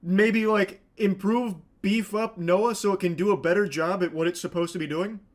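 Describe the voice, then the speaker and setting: A man's voice: sits high, steady tone, normal speed. A man hosting and commenting on a clip, ranting in a sardonic, profane way. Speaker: host.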